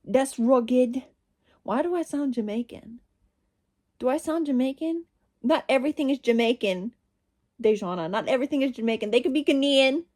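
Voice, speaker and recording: A woman's voice: sits high, fairly quick, darkish tone. A young woman chatting casually to her camera in a reading vlog, rambling and interrupting herself as she goes. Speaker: reading vlogger.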